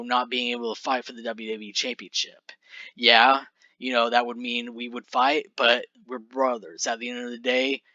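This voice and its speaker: A man's voice: medium pitch, sharp tone, no echo, lo-fi sound. A man voicing a bitter, ranting wrestler. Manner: aggrieved, ranting. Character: bitter, fed-up male wrestler griping to his partner.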